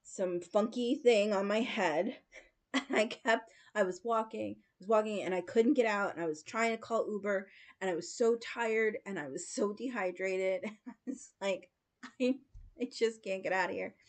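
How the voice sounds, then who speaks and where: At normal speed and medium pitch, a woman from the United States in her late forties chats with viewers as a livestream host. She rambles through stories, laughing often and using plenty of fillers.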